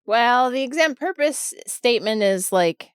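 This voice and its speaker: A woman's voice: a little high, animated, unhurried, clean tone, no echo. Snarky, ranty woman lawyer, dry close sound. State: tired. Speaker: nonprofit attorney and co-host. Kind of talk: casual podcast chat.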